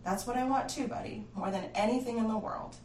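Woman reading a gentle distracted dad, reassuring tone, echoey room. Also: on the high side, a little fast, slight background noise, close to an everyday voice. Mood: soothing. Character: young father, soothing but distracted. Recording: roomy, distant mic, faint ambience.

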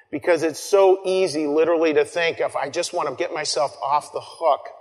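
Earnest guy preaching in a church, kinda high voice, echo rings on and on, goes real soft sometimes. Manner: earnest, pauses and repeats phrases, drops to soft near-whispers. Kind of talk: sermon. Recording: long reverb.

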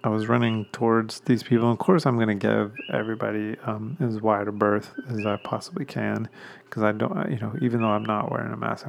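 A man hosting a casual solo podcast, rambling along with many pauses and restarts and chuckling at himself now and then. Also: lowish voice, creaky, a little hiss or hum. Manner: chuckles self-consciously. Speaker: podcast host.

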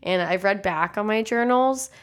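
A young woman co-hosting a podcast, calmly sharing how she keeps a journal on trips, in casual chat. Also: mid-range voice, moderate pace. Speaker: podcast co-host.

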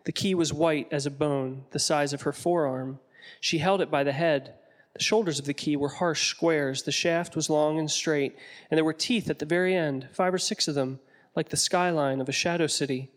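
A man narrating an audiobook in a slightly high voice. He tells the story in a measured, descriptive way, with a steady storytelling pace. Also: long reverb tail.

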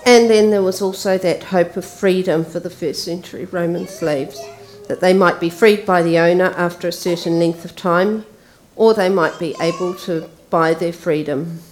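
A woman preaching a sermon in a relaxed, conversational way, retelling a story. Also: fairly low pitch, normal speed, few pauses, a little hiss or hum.

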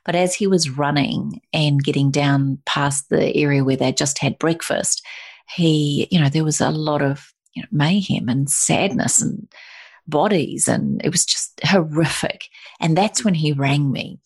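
A woman's voice: sits low, measured pace, husky. A middle-aged woman telling a personal story in conversation, emotional and full of restarts and quoted voices.

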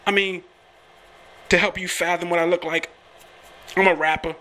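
Animated young man. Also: high voice, moderate pace. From Virginia, USA. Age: young adult. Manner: animated, rambling, swears a lot, laughs often. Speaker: podcast host and rapper. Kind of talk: casual profane monologue.

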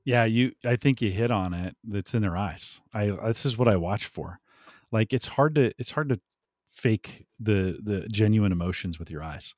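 A man talking as a podcast guest in an animated way, laughing often and pushing up his voice for emphasis. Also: on the low side, moderate pace, no room sound, studio quality. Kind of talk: conversational interview.

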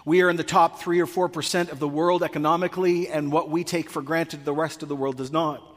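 A male pastor from North America preaching a sermon, acting out comic dialogues in an animated way. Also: a little high, fairly quick, in a large hall.

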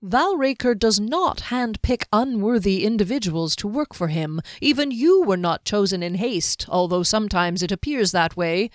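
A smug, formal male mage in a storybook reading, calm and lecturing. His phrasing is precise and faintly teasing, as a woman reader puts him on. The sound is close and dry. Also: high voice, moderate pace, few pauses, dry recording.

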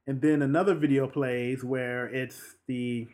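A man retelling a film's story in relaxed, casual conversation. He slips into the characters' lines with sudden bursts of energy, then drops back to an easy, mid-pitched narrating voice. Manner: animated, acts out characters' lines in quick bursts. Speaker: film recapper. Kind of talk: casual chat, retelling a film plot.

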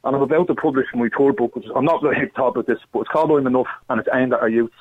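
A man with an Irish accent calling into a radio show, telling his own story in an earnest, rushed way. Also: medium pitch, husky. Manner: earnest, rushed, tumbling words. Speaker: phone-in caller. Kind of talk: emotional personal testimony. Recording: phone line.

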